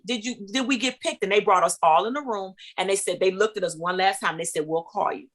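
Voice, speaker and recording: A middle-aged woman, a singer, relating a story as an interview guest. Her telling is animated: she acts out each person she quotes and leaps up in pitch for the excited moments. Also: quick pace, few pauses.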